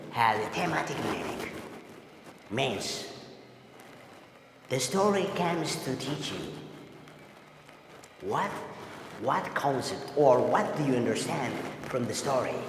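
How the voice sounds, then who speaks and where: A man teaching a classroom lesson, speaking emphatically and drawing out example words slowly. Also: mid-range voice, background noise. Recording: echoey room with long reverb.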